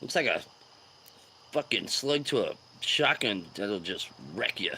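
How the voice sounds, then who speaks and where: A man hosting a fishing livestream, chatting casually and loudly greeting viewers with slang. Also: on the low side, animated, measured pace, a little hiss or hum. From California.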